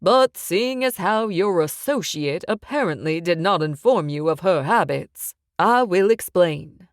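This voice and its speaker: A woman voicing a thin, menacing male crime boss who speaks in a slow, genteel Southern drawl. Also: on the low side, animated, dry recording, studio quality. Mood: silky menacing.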